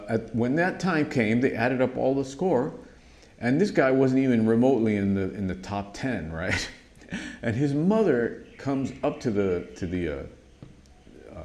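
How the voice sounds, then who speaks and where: A drum instructor telling a story in a casual, emphatic monologue, often restarting his sentences. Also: lowish voice. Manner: animated, emphatic, frequent restarts.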